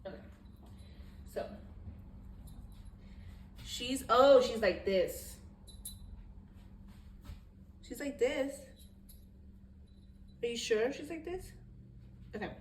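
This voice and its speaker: A young woman chatting casually at home in an unboxing vlog, excitable and chatty, swearing freely and dropping to near-whispers. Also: on the high side, drawn-out words, pauses often, slight background noise. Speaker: vlogger.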